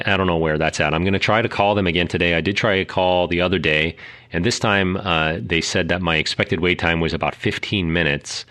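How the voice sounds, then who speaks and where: A man's voice: low-pitched, pushed and bright. A middle-aged man hosting a casual solo podcast, talking in a rambling way with many fillers and restarts. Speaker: podcast host.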